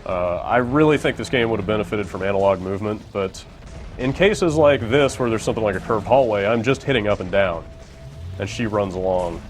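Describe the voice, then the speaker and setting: A man's voice: lowish voice, fairly quick, faint music behind. A man giving casual gameplay commentary as he plays, laid-back and rambling with lots of fillers. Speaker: co-host playing the game.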